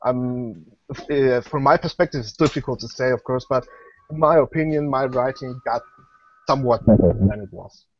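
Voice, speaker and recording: This is a hesitant young man, a native German speaker, appearing as a guest author in a casual online interview over a video call. His medium-pitched voice moves at a moderate pace, the call audio sounds dull, and he fills his speech with fillers and restarts.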